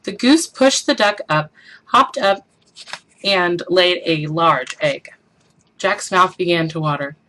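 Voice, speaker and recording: A woman reading a children's picture book aloud with animated, expressive storytelling, then posing questions for students. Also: fairly low pitch, slow, a little hiss or hum, low-quality recording. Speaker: storybook reader.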